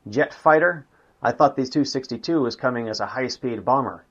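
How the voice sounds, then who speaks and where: Casting: man reading as an insistent, indignant dictator, a bit louder, lo-fi sound. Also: medium pitch, normal speed, lightly acted. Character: indignant middle-aged male dictator, demanding and impatient.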